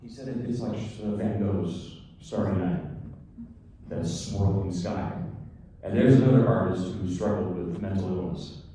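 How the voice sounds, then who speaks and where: A pianist speaking informally between pieces at a lecture recital, chatty and digressive, with frank asides. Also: male voice, sits low, measured pace, mellow, slight background noise. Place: concert or recital hall. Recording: very echoey hall, voice far from mic.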